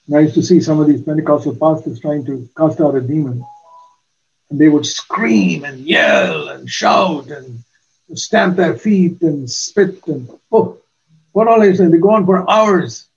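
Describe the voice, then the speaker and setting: An older man preaching a sermon, giving earnest testimony with slow, emphatic pauses. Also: a little high, darkish tone, lo-fi sound.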